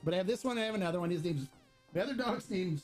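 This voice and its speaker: A man's voice: sits high, lively intonation, very fast, a little mellow, faint music behind. A middle-aged man hosting a casual livestream Q&A, talking in a chatty, rambling way with many restarts. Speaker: host of a tequila channel.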